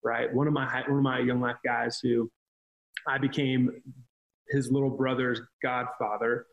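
A man's voice: mid-range voice, little pitch movement, moderate pace, muffled recording. A man talking casually on a podcast, telling earnest stories about ministry with frequent restarts. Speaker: ministry leader.

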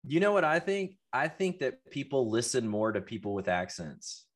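A man's voice: medium pitch, very animated, normal speed. A man co-hosting a casual podcast chat, teasing his co-host in playful banter.

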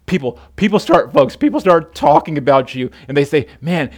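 A middle-aged man preaching a sermon as pastor. He often restarts his words and swings between loud emphasis and soft, low passages. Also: very animated, brisk.

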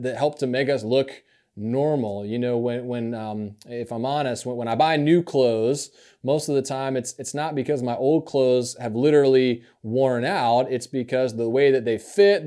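A man's voice: on the high side, mellow. A man from Alabama preaching a conversational sermon as pastor, candid and self-deprecating, often checking in with the congregation. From Alabama, raised in upstate New York.

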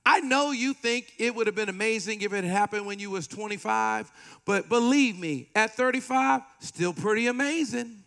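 A man preaching a sermon with animated delivery, playful asides and call-and-response with the congregation. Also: sits high, moderate pace, gravelly. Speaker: pastor.

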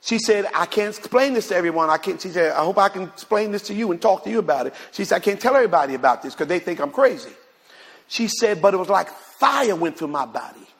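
A man's voice: high voice, animated, quick pace, husky, in a large hall. A male pastor, preaching and retelling a conversation, repeating words as he addresses the congregation in a church. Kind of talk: sermon storytelling. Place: church sanctuary.

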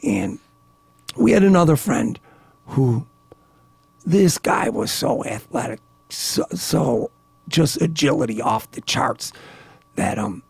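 A man of around sixty, a guest and author, telling a story in a casual, animated way, often laughing and restarting his words. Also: on the high side, slow pace, vocal fry, long pauses, breathy edge, dry recording.

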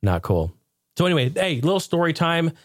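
A man's voice: a little high, a little fast. A man hosting his own podcast, chatting casually and telling stories with frequent laughs. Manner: animated storyteller, laughs often. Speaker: podcast host.

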